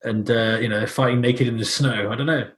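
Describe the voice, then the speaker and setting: A man's voice: medium pitch, fairly quick. A man co-hosting a podcast, chatting casually and quoting film lines with energy. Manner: lively, quotes film lines. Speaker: podcast co-host. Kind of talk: casual chat.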